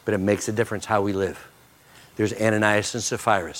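A middle-aged man and pastor giving an earnest sermon, often dropping soft and slow for emphasis. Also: fairly low pitch, fairly even intonation.

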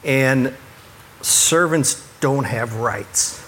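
A man's voice: medium pitch, drawn-out words, a crowd in the background. A man who works with churches, giving earnest, conversational faith advice and chuckling at himself now and then. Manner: earnest, self-deprecating, chuckles at his own stories. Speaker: church ministry worker.

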